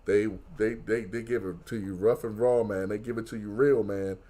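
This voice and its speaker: A man guest-hosting a wrestling podcast, talking in casual banter with animated, mock-outraged rants. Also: lowish voice, normal speed.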